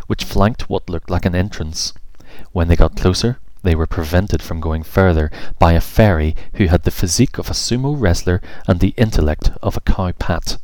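A man with a very low voice narrates a children's fairy story in a steady, measured way. His reading sits right at a close mic, dry and free of room sound. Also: dry recording.

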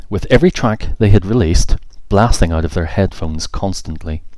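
A man narrating a children's fairy story in a steady, measured reading voice. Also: low voice, no room sound.

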